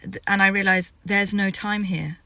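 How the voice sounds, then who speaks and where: A woman's voice: medium pitch, steady tone, normal speed, sharp tone, no room sound. A woman, a spiritual vlogger, telling the story of a vision in a rambling way that sometimes drops to a whisper.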